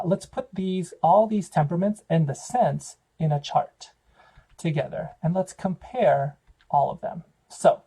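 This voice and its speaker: Choir director type, man, gravelly mellow voice, patient explainer, lecture delivery. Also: on the high side, poor audio. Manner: explanatory, counts out intervals, frequent fillers. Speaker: choral director giving a lecture. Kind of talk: music theory lecture.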